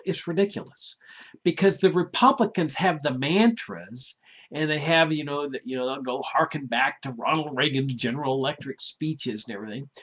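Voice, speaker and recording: A man's voice: fairly high pitch, a bit bright. A man hosting his weekly internet commentary show, chatty and digressive, laughing often and scoffing at what he talks about. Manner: scoffing, many "you know" fillers. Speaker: host.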